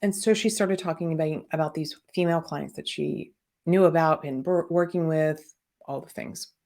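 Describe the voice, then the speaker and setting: A woman's voice: low-pitched, moderate pace, darkish tone. A middle-aged woman hosting a podcast, telling a personal story in a candid, rambling way with many fillers and restarts. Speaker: podcast host and business coach.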